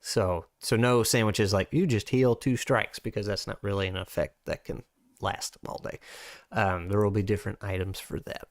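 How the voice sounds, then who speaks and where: Low-pitched male streamer, dry close sound, casual rambling delivery, thinking aloud. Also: steady tone, moderate pace, vocal fry, no echo. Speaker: streamer designing a tabletop game. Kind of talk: casual livestream chat.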